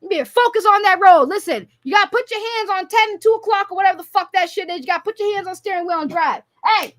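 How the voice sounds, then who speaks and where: A woman streaming live, ranting loudly with profane, mocking comic riffs at a caller. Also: very high voice, dry recording, clean studio sound. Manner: loud, profane, mocking, rapid comic riffing. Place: home.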